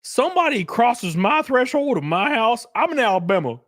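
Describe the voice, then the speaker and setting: Animated man in his thirties ranting. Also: very high-pitched, normal speed, no echo, studio quality. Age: 30s. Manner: animated, profane, sarcastic. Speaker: live streamer. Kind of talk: casual rant to stream chat.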